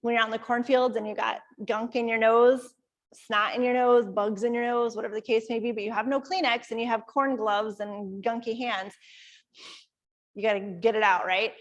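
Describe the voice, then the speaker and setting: Higher-voiced woman teaching a yoga class. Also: normal speed, muffled recording. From Iowa, USA. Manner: calm, conversational, explaining step by step. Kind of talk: guided yoga class instruction.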